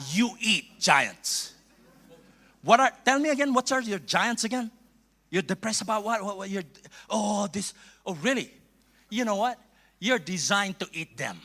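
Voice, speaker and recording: Animated, bright-voiced Filipino bishop preaching. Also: male voice, high voice. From Philippines. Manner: playful, animated preaching with laughs and asides. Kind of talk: sermon.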